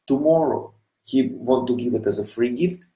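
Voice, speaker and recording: A man with a Russian accent hosting a live video broadcast, speaking earnestly in non-native English with many "you know"s, keeping his voice quiet. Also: mid-range voice, moderate pace, reverberant, low-quality recording. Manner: speaking quietly so a child can sleep. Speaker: studio representative addressing viewers. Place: home studio.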